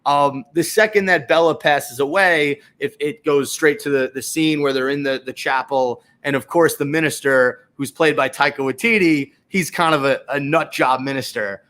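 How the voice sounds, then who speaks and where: A man's voice: fairly high pitch, moderate pace, hardly any pauses, fairly bright tone. Hesitant man on a film podcast. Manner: hesitant, many fillers and restarts, asks his co-host questions. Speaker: film review podcast co-host. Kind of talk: casual movie review chat.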